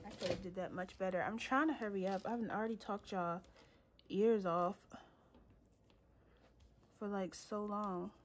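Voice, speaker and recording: A woman's voice: medium pitch, slight background noise. A woman, chatting casually to viewers as she counts cash into envelopes, laughing often and calling them y'all. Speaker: budgeting vlogger. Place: home room at a table.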